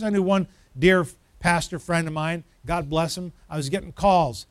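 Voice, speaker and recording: Pastor, male, high voice, dry sound; quizzes the room, then hammers points home with repetition. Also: moderate pace, no echo. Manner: asks the congregation questions, builds to emphatic repetition. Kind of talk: interactive sermon.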